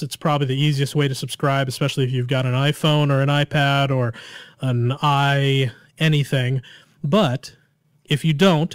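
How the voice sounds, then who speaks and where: A young man hosting a podcast, briskly reading out sign-off announcements in a casual way. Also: fairly high pitch, no echo. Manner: brisk promotional delivery. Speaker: podcast host.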